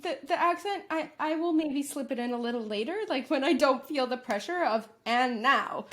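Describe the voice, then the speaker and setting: A young Canadian woman talks as a guest in a casual chat. She is friendly and laughs easily. Her voice sits a little on the high side. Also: a little fast. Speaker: guest actor.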